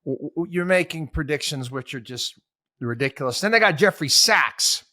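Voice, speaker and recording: A man's voice: on the high side, animated, normal speed, sharp tone, dry recording, clean studio sound. A man hosting a talk show, giving sarcastic, exasperated commentary full of rhetorical questions. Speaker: host. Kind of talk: opinionated talk radio commentary.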